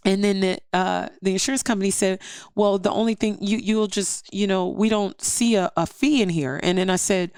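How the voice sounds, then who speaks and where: A middle-aged woman sharing a personal testimony as a podcast guest, animated and acting out the voices in her story. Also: mid-range voice, normal speed, clear, resonant tone, no echo, clean studio sound.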